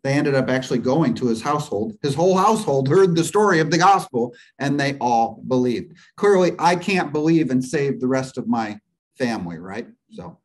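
A man's voice: medium pitch, lively intonation, moderate pace, poor audio. A man teaching a church Bible class. He walks through Greek grammar step by step and keeps asking the class questions. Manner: asks the class questions and waits for answers.

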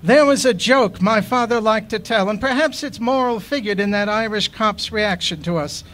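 A man reading his own memoir poetry aloud at a poetry festival, in a measured, unhurried way. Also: high-pitched, a bit bright.

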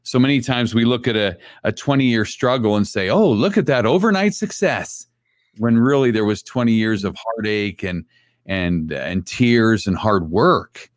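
A man's voice: on the low side, a little slow, dry recording, studio quality. A man hosting an interview, thanking his guest and pointing viewers to the charity. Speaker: show host.

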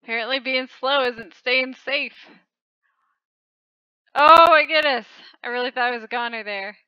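Woman host, excitable and gasping, commenting on her own play. Smooth, crisp voice on a dry, dull recording. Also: high-pitched, moderate pace, dry recording. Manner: excitable, frequent gasping exclamations. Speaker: channel host. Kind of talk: casual game commentary.

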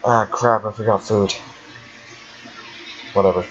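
A young let's player gives casual commentary as he plays a game, chatty and talking to himself, laughing often and swearing now and then. His voice is lowish and steady in tone, a little slow. The dull lo-fi home recording carries a faint hiss.

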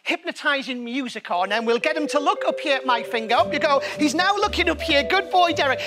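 A male magician with a North East English accent runs a children's TV magic act, playful and quick to tease his puppet sidekick. Light laughter keeps slipping into his patter. Clear music plays behind him throughout. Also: very high voice, animated. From North East England. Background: music playing.

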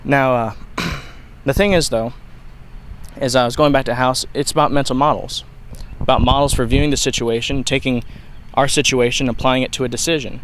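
Young man, mid-pitched, rambling lecture delivery with restarts, faint noise behind. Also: fairly bright tone, rough recording. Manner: rambling, with frequent restarts and fillers. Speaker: video lecturer. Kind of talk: unscripted explanatory talk.

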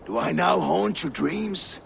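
An actor playing a cruel, gloating male warlord villain in a video game, taunting his captive with slow, menacing threats. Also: sits high, vocal fry, a little hiss or hum, exaggerated voice.

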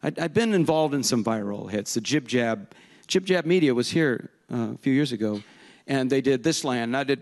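A man's voice: mid-range voice, animated. A man, a voice impressionist, giving a rambling, self-deprecating conference talk on stage before a live audience. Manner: rambling, self-deprecating, slips in quick voice demos.

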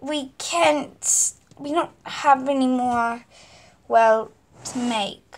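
Woman doing a shy maid, stuttering and saying sorry, high soft voice. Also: drawn-out words, slight background noise. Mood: nervous. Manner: hesitant, stammering, apologetic. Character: timid stammering female maid Fiona.

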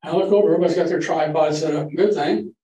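An older man, a guest presenter, gives a casual, rambling slide-show talk to a photography club in a library meeting room, full of folksy stories. His voice is a little high, warm and fairly even, and he talks fast. The lo-fi recording comes from far off in an echoey room with faint hiss.

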